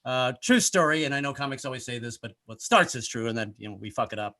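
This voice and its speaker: Bright-voiced man doing rambling stand-up. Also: mid-range voice, lively intonation, quick pace. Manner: rambling, self-deprecating, shouts in put-on voices. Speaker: stand-up comedian. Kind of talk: stand-up comedy set. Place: home in Brooklyn, skyline behind.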